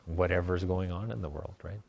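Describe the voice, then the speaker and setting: A middle-aged man, a playwright guest in a casual interview, telling animated stories and laughing often. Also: sits low, brisk, vocal fry, dull audio.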